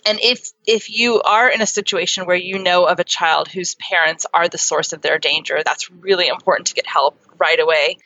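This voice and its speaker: Bright, forceful woman explaining earnestly. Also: on the low side, normal speed, hardly any pauses, no echo. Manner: earnest, teaching tone with lively examples. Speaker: guest, psychotherapist and author. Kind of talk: explanatory interview talk. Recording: dull lo-fi sound.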